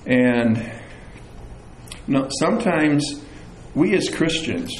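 A middle-aged man preaching a sermon as pastor, animated, with chatty asides and self-deprecating humor. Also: on the high side, slow pace, slight background noise. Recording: echoey room with faint ambience.

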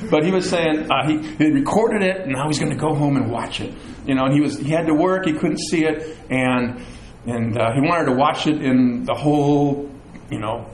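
A middle-aged man preaching a sermon as pastor, animated, with chatty asides and self-deprecating humor. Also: mid-range voice, slight background noise. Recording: echoey room with faint ambience.

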